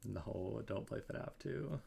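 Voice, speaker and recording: Young male streamer, casual and glum, slightly low and gravelly, faint noise behind. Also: slow pace, warm tone. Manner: glum, repeats his phrases. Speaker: live streamer. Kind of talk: casual live-stream chat.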